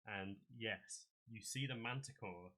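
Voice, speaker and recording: A man's voice: on the low side, measured pace, bright, forceful tone. A man narrating as game master in a tabletop game, describing scenes with frequent ums and restarts.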